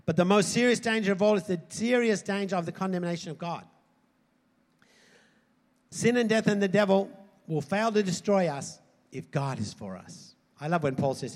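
A man preaching a sermon in an animated way, swinging from loud emphasis to quiet asides. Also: sits high, moderate pace. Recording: hall reverb.

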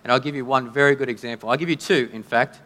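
A man preaching a sermon in a conversational, halting way, often restarting his sentences. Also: medium pitch, steady tone, sharp tone. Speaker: pastor. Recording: long hall reverb.

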